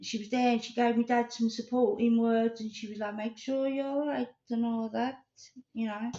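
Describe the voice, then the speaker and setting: A woman rambles through a casual vlog monologue, earnest and animated as she tells her stories. Her voice sits a little high, and the recording sounds slightly dull and lo-fi. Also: moderate pace. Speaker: vlogger.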